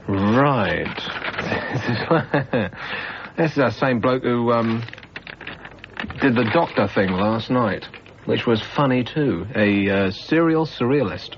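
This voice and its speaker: A man hosting a late-night radio phone-in, teasing callers in quick, sarcastic banter. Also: medium pitch, lively intonation, noisy background. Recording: dull 1990s radio broadcast.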